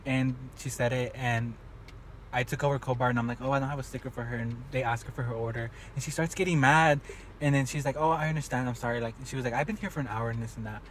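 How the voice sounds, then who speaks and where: A young man co-hosts a podcast in casual chat, sharing work stories full of laughter and the odd swear word. His medium-pitched voice stays steady and quick, with slight noise in the background.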